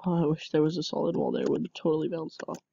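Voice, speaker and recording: A woman giving casual game commentary, excitable, with frequent yelps and laughs. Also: low-pitched, rapid-fire, creaky, no room sound, dull audio. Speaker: gameplay commentator.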